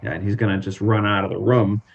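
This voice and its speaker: Halting man narrating a tabletop game. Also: lowish voice, steady tone, vocal fry, muffled recording. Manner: halting, stammering restarts. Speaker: game master and player. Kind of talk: casual tabletop role-play narration.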